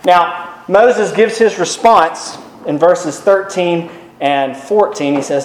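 Male preacher, higher voice, conversational verse-by-verse teaching, roomy echo. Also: slow. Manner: explanatory, conversational, asks rhetorical questions. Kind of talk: expository sermon.

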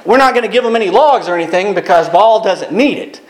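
A man's voice: sits high, animated, quick pace. A man in a sermon voicing a bold, teasing old male prophet in a folksy, challenging manner. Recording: roomy echo.

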